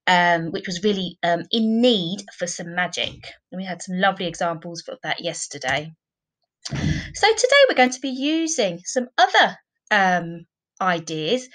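A woman teaching a primary school class in a recorded online lesson, speaking clearly and patiently, often adding tag questions. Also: mid-range voice, fairly bright tone, low-quality recording.

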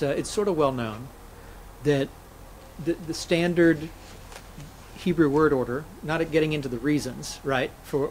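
A man's voice: on the high side, a little mellow, slight background noise, rough recording. A man, a scholar and interview guest, explaining grammar methodically and illustrating points with spoken examples.

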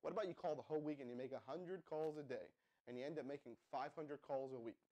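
A young man hosting a hyped live-stream marketing pitch, calling out to viewers and asking the chat to respond. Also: quick pace, mellow. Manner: pumped-up, addresses viewers as guys, asks the chat to respond. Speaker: livestream host.

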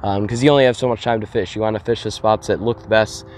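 A young man casually explaining his fishing on a lake shore, getting excitable when a fish bites. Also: fairly low pitch, fast talker, slight background noise. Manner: excitable, exclaims often while fighting fish. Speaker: fishing vlogger. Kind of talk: casual outdoor vlog commentary.

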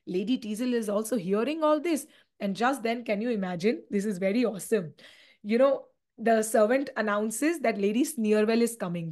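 A woman with an Indian English accent gives an exam-prep literature lecture. Her voice is high and her retelling is animated, with Hindi asides mixed in. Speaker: literature teacher.

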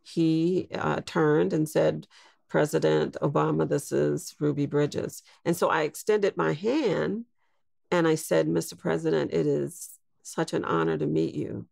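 A woman in her sixties, a podcast guest telling a personal story in a slow, reflective way. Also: low-pitched, steady tone, gravelly, darkish tone, no echo, studio quality. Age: 60s. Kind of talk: storytelling interview.

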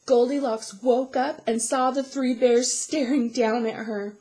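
A female teacher reads a fairy tale to children in a slightly high voice, going slowly and with lots of animation. She pauses along the way to ask them questions.

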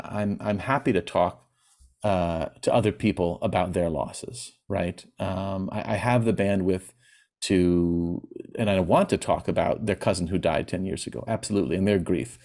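A man's voice: on the low side, a little mellow. A man giving a personal talk on grief, speaking candidly and plainly, with hesitant restarts. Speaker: presenter.

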